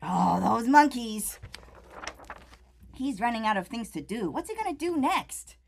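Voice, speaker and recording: A woman reading a picture book aloud to children, playful and animated, turning to the kids with questions as she goes. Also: a little high, unhurried, vocal fry, a little hiss or hum. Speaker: storyteller.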